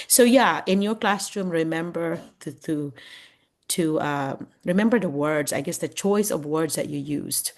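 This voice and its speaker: A middle-aged woman, a veteran teacher mentoring new teachers over a video call, chatty and laughing often. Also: deep voice. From Philippines. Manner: chatty and warm, laughs often, acts out what students say. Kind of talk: Zoom mentoring talk.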